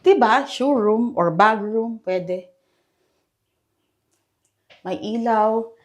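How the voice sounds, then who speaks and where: Filipino lady showing off a house room by room, kinda high voice, excited and chatty, laughs at her own slips. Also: drawn-out words. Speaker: real estate house tour host. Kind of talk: casual walkthrough tour commentary. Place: inside a house, walking room to room.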